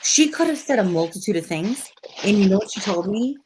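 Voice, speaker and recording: A woman's voice: medium pitch, animated, brisk, noisy background. A woman co-hosting a casual livestream chat, venting heatedly and repeating herself for emphasis. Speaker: livestream co-host.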